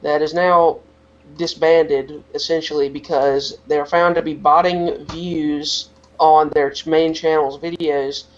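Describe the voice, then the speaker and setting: A man's voice: a little high, little pitch movement, measured pace, muffled recording. A teenage boy co-hosting a podcast, talking in a rambling casual rant full of "like" fillers. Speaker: podcast co-host.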